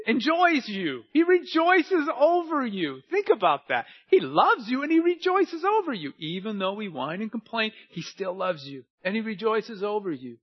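Preacher, male, earnest sermon, fairly high voice, dry dull lo-fi sound. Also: breathy edge, no echo. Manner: earnest, swings from hushed to emphatic.

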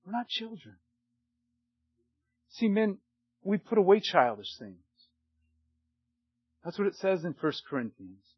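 An older man preaching a sermon to men, emphatic, swinging between loud bursts and hushed lines. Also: sits high, sing-song, measured pace, pauses often, husky, no echo, dull audio. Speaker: pastor.

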